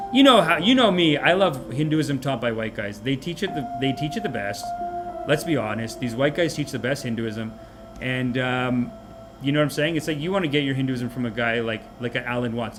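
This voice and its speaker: A man hosting a podcast, delivering a comic rant of a movie review in an animated, mocking way. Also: medium pitch. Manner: animated, mocking, puts on quick character voices. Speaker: podcast host.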